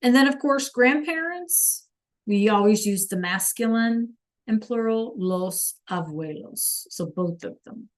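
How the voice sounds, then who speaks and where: A woman teaching a live online language class, slowly sounding out words for students to repeat and encouraging them by name. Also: fairly high pitch, animated. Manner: slow careful enunciation of words for students to repeat. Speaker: Spanish teacher.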